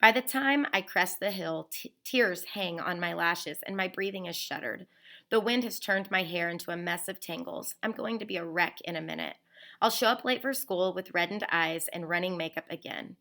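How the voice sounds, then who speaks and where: A woman with a lower voice reads a first-person novel aloud. Her delivery is expressive, slowing down on the emotional phrases.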